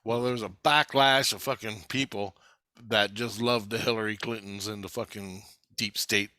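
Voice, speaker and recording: A half-awake man rambling through a profane, casual story, quoting others in quick asides. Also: fairly low pitch, fairly even intonation, pushed and bright, no room sound, studio quality. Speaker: video maker. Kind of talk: casual chat.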